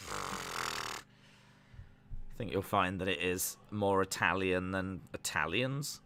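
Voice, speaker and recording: Male streamer, slow deliberate delivery, tense, forceful tone, mock-stern repeats. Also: mid-range voice. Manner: mock-stern, repeats himself for comic effect. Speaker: live-stream host reacting to wrestling. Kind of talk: casual live-stream commentary.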